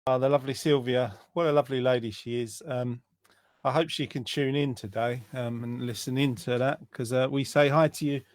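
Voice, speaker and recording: A man's voice: medium pitch, steady tone, a little fast, no echo. Chatty man hosting, dry sound. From England. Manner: warm, rambling, chatty with fillers. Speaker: host. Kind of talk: casual online group chat. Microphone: video call.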